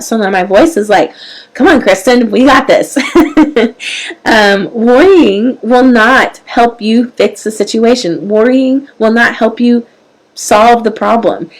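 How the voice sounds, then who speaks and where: Woman, parenting coach, live motivational talk, earnest, animated. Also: medium pitch, low-quality recording. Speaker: parenting show host.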